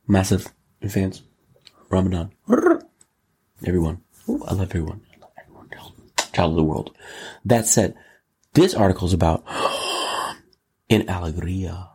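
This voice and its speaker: Male comedy host, low husky voice, very lively and slangy. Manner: animated, joking, slangy, breaks into high mock voices. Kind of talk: comedic commentary show.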